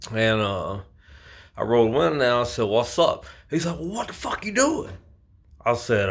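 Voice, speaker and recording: A man's voice: on the low side, fairly bright tone. A man who works as a pipeline welder, telling a story to camera in a blunt, casual way with heavy swearing.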